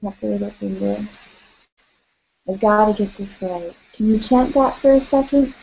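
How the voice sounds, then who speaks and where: A woman leading a guided tapping session, calling out tapping points and gently coaching listeners through spoken affirmations. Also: mid-range voice, normal speed, vocal fry, lo-fi sound, slight background noise.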